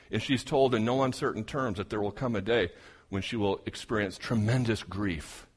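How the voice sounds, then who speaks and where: A male pastor preaching a sermon, telling a story earnestly and expressively with dramatic pauses. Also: a little high, fairly bright tone.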